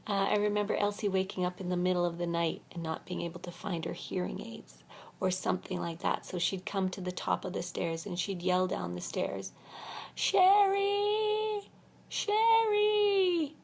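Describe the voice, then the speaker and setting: An older woman telling her life story in a soft, half-whispered voice, a little weary, in a quiet room at a retreat center. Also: on the low side, level tone, fairly quick, gravelly, a little hiss or hum. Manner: speaking softly, half-whispering to keep quiet. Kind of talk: personal storytelling vlog.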